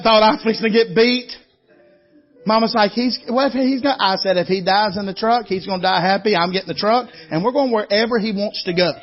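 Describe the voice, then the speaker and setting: A man's voice: high voice, highs cut off. A man, preaching a sermon in a folksy storytelling way and calling out to the congregation. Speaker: guest preacher. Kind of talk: Southern revival sermon.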